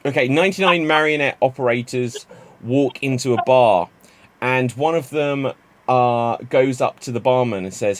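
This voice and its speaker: A man hosting an online improv comedy show, telling quick joke setups and calling on players with a laugh. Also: medium pitch. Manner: chatty, laughs at jokes, quick to move on.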